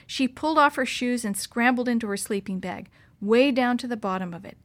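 A woman narrating a children's storybook aloud in an expressive, lively way. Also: fairly high pitch, fairly quick, dry recording.

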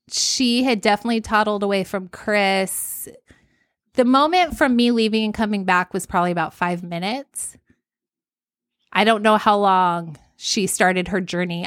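Animated woman telling stories, dry mic. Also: mid-range voice, no echo. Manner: animated storytelling, laughs often, acts out panicked quotes. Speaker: podcast co-host. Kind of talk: casual chat.

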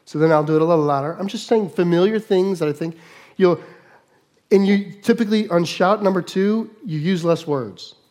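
A middle-aged man preaching a sermon, moving between loud mock shouts and quiet asides. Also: high voice, normal speed. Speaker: pastor.

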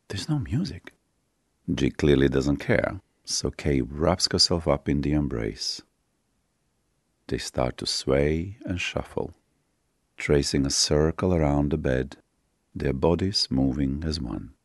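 A man with a very deep voice narrates a sultry story, taking his time with each phrase. His delivery is intimate and unhurried, full of pauses. The recording is dry and close, with no room sound. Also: creaky, a little mellow, dry recording. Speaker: author and narrator.

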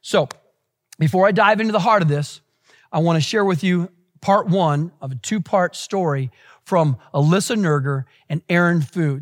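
A man preaching a sermon as pastor, exhorting his listeners, repeating key phrases and asking them questions. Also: fairly high pitch.

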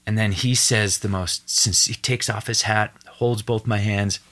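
Earnest lower-voiced man telling a story. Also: unhurried. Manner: earnest, animated retelling with acted quotes. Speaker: podcast guest. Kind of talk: emotional personal storytelling.

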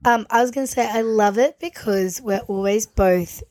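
A woman's voice: medium pitch, moderate pace, a little mellow, no echo. A woman co-hosting a podcast in casual chat, bantering in a playful, jokey way over a call. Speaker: podcast co-host. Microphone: remote call recording.

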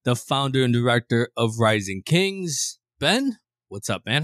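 A man's voice: medium pitch, very animated, unhurried, a bit bright. A man hosting a podcast, chatting in a friendly way and laughing easily with his co-host. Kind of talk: casual podcast chat.

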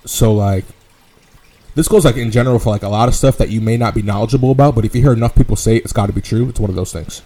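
A man's voice: lowish voice, very fast, dark tone. A man chatting casually as a podcast co-host, rambling with lots of fillers and swearing. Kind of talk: casual chat.

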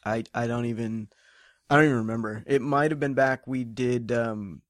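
A man's voice: mid-range voice, fairly even intonation, normal speed, dry recording, clean studio sound. A man co-hosting a podcast from a living room, chatting casually and joking. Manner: joking, laughs often, slips into movie quotes. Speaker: podcast co-host. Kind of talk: casual chat. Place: living room by a coffee table. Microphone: podcast microphone.

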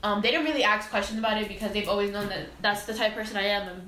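A young woman co-hosting a casual podcast, telling a story in a lively way and acting out the quotes. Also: medium pitch, very fast, roomy sound, background noise. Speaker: podcast co-host.

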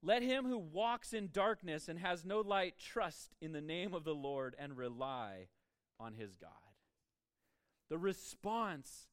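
Male pastor, higher pitch, dry close sound; emphatic sermon with repeated starts. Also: expressive, slow pace, fairly bright tone, dry recording. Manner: emphatic, repeats words when starting a thought.

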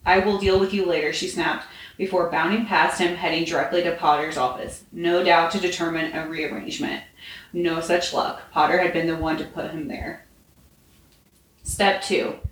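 Woman host reading a story aloud, steady, correcting slips as she goes; low-set voice, echoey room. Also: moderate pace. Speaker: podcast host reading fan fiction. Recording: roomy echo, faint noise.

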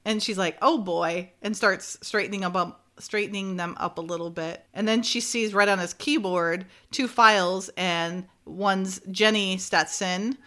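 A woman's voice: medium pitch, fairly even intonation, a little slow, hardly any pauses, a bit bright. A woman hosting a casual chat, retelling an episode scene by scene, laughing often and acting out the characters' lines. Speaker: podcast host recapping a TV episode.

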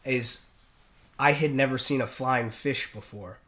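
A man's voice: mid-range voice, a little slow, a bit bright. Male sailor guest, chatty storyteller, loose and rambling delivery. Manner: rambling, many restarts and fillers. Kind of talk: casual storytelling.

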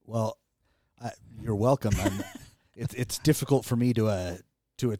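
A man's voice: on the low side, moderate pace, warm tone, dry recording. Male guest actor, dry self-deprecating wit, close dry sound. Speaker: podcast guest, community theater actor. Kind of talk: casual chat.

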